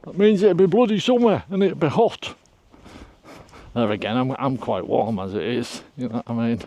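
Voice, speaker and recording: A man's voice: medium pitch, expressive, moderate pace, mellow. An older man vlogging while out hiking on open moorland, chatting away to his viewers in a rambling, self-deprecating way. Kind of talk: casual walk-and-talk vlog. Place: outdoors on open moorland, windy hilltop.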